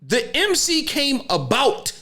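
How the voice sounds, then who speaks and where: A man's voice: extremely high pitch, wildly swooping pitch, slow, pushed and bright. A middle-aged man, co-hosting a podcast and explaining earnestly with lots of "you see what I'm saying". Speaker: podcast co-host. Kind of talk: casual podcast chat.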